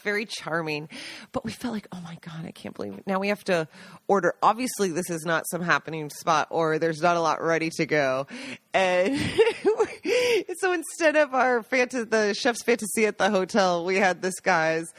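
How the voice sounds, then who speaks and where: A woman co-hosting a podcast, telling stories in a casual, animated way and laughing often. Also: on the low side, measured pace, dry recording. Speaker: podcast co-host. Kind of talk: casual storytelling chat.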